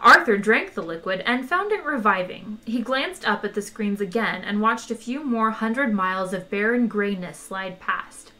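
A woman reading a novel aloud, expressive and unhurried. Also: medium pitch. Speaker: audiobook reader. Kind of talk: storybook narration.

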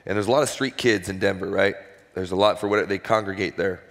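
Male, 40s, guest speaker, casual and animated storyteller, slightly low voice, big reverberant church room. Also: quick pace. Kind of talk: personal testimony talk. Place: large church auditorium. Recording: long hall reverb.

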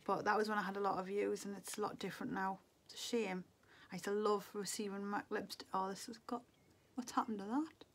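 A woman's voice: medium pitch, little pitch movement, brisk, a little hiss or hum. Woman, middle-aged, beauty vlogger, casual, wistful, talks to herself. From Northeast England. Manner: chatty, muttering to herself, wistful. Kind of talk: casual talk to camera.

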